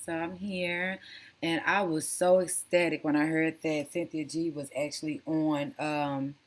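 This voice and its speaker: A woman's voice: deep voice, little pitch movement, unhurried. A woman hosting a casual reaction commentary, chatty and sassy, calling viewers honey and girl. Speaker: commentary channel host.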